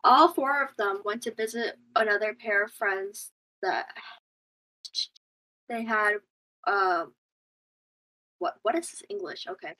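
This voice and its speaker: Going through a true crime case in a relaxed chat, this young woman stumbles on names and words and breaks into giggly asides, laughing at herself. She speaks slowly with long pauses in a mid-range voice that's pushed and bright, and the recording is rough.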